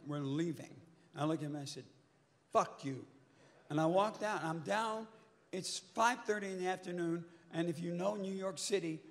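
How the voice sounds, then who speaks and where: A convention panel guest, an older man with a slightly high voice, entertains the crowd with a lively story, cursing and yelling at the climaxes. A handheld stage mic sends his voice ringing out in long hall reverb.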